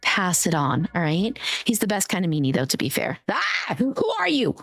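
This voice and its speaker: A woman's voice: on the low side, big pitch swings, moderate pace, hardly any pauses, a bit bright, dry recording. A young woman live-streaming a game, chatting playfully with her viewers, teasing them and breaking into yelps and exclamations. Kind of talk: live gameplay stream chat.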